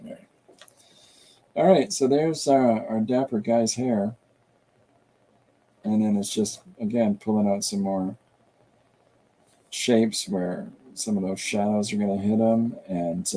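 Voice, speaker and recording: A man's voice: on the low side, fairly even intonation, unhurried, warm tone, rough recording. A man streaming a comic drawing tutorial, rambling casually and chatting with viewers and a pet as he draws.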